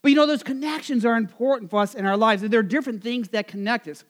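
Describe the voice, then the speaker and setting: A man's voice: very high voice, fast. A man from Nebraska preaching a sermon to his congregation in a chatty way, with lots of fillers and questions put to the people in the pews. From Nebraska, USA. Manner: conversational, full of fillers, asks the congregation questions. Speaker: pastor. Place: church service.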